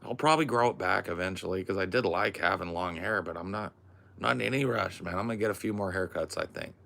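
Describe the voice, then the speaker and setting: Deep, gravelly American man, loose profane podcast riffing. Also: fast talker, a bit bright. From United States. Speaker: podcast host. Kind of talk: casual comedic podcast chat.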